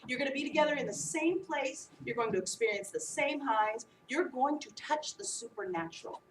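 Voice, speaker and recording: A woman preacher giving a sermon, animated and humorous as she acts out the disciples. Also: high voice, moderate pace, slight background noise. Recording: echoey room, voice from a distance.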